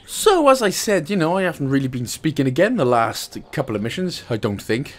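A man's voice: fairly high pitch, sing-song, a little fast, noisy background. A Welsh man casually commentating over gameplay, chatty and joking as he gives tips. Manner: joking, chatty, self-mocking. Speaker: gaming channel host.

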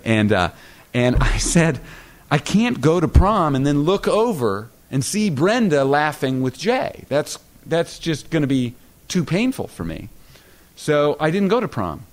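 A middle-aged man giving a lecture, telling stories with lots of stammers and repeated words, and acting out other people's lines in a higher voice. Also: unhurried. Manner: animated anecdotes, acting out other people's lines with a raised pitch. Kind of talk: storytelling lecture. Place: lecture hall.

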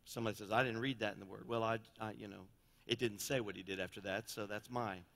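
A man preaching a sermon as pastor, telling stories in a folksy way and swinging between loud and quiet passages. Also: lowish voice, fairly even intonation, fast talker, creaky. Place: church sanctuary. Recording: long church reverb.

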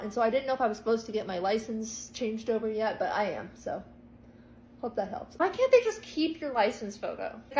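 A woman in her twenties telling a casual storytime vlog, chatty and self-deprecating, with quick asides. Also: on the high side, a little mellow, a little hiss or hum, low-quality recording. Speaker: TikTok storyteller. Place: parked car in the rain. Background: faint rain ambience.

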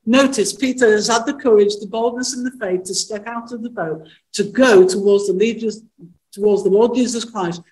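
A woman minister preaching a sermon, earnest, asking the listeners pointed questions and slowing down to stress key phrases. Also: on the high side, rough recording.

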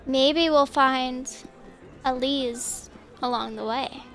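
High, bright-voiced woman chatting over gameplay. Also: steady tone, slow, a faint crowd. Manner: chatty, apologetic, bursts of surprised laughter. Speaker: gameplay streamer. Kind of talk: casual game commentary.

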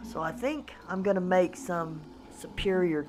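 A woman hosting a casual let's-play, chatting to the animals in her game in a coaxing, excitable way. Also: fairly low pitch, normal speed, few pauses, slight background noise. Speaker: gaming channel host.

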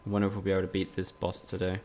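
Gravelly, low-voiced streamer. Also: male voice, monotone, racing, a little mellow, slight background noise. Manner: teasing, sweary banter with chat. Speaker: game streamer. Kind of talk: casual live-stream commentary.

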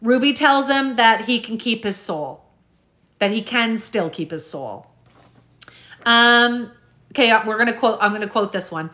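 A woman with a fairly high, bright voice reads journal entries aloud for her viewers. She talks casually, stumbling over words and filling pauses with um. Her tone stays plain and direct, as if chatting with an audience of regulars. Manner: halting, with frequent ums and self-corrections; addresses viewers directly as "you guys". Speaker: true crime recap host.

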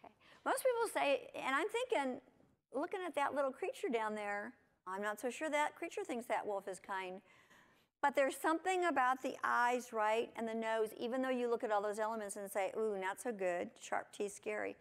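Woman, conference presenter, lively lecture, questions to the audience, somewhat high pitch. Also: moderate pace. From United States. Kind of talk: lecture to teachers. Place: conference hall.

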